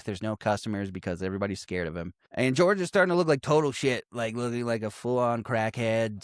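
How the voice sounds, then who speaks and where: A man co-hosting a casual movie podcast, retelling scenes with lively acted-out lines, frequent laughter and swearing. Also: mid-range voice, smooth, no room sound, studio quality. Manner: animated, acts out film lines, laughs often, swears. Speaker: podcast co-host. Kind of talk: casual movie recap chat.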